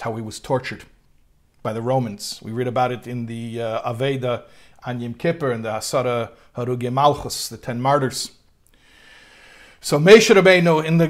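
Male text-study teacher, slightly high voice, reads a passage then translates, animated. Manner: animated, voice rising when quoting. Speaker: Torah teacher.

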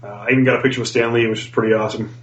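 A man hosting a podcast, chatting casually with brief, quick remarks. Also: fairly low pitch, flat delivery, fairly bright tone. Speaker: podcast host. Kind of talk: casual chat. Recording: muffled lo-fi audio.

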